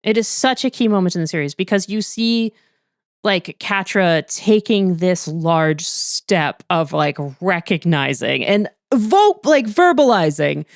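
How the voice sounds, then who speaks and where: A woman's voice: expressive, measured pace, no room sound, studio quality. A woman co-hosting a podcast, chatting playfully and bubbly about the episode. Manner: playful, bubbly, big swings in pitch. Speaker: podcast co-host. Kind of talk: casual podcast recap chat.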